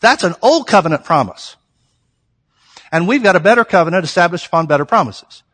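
A man preaching a sermon, reading scripture slowly and pressing his points with rhetorical questions to the congregation. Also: high-pitched, lively intonation, a bit bright, slightly rough, in a large hall. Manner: reads scripture slowly and deliberately.

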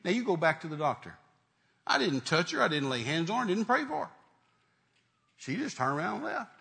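A man's voice: high voice, big pitch swings, brisk, vocal fry, long pauses, bright, forceful tone. A man preaching a sermon, repeating phrases and building to emphatic declarations.

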